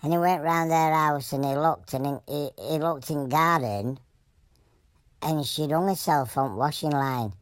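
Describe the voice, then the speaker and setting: A woman with a broad Yorkshire accent voicing an animal who tells jokes in a deadpan, rambling way. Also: low-pitched, a little slow, no echo. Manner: deadpan, rambling joke-telling in broad dialect.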